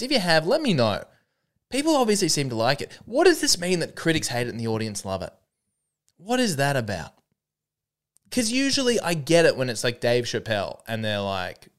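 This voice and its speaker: Brief: male comedian, mid-pitched, animated, rambling and self-deprecating. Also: clean tone. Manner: rambling, self-mocking, restarts and asides. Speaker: comedian podcast host. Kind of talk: solo comedy podcast rant.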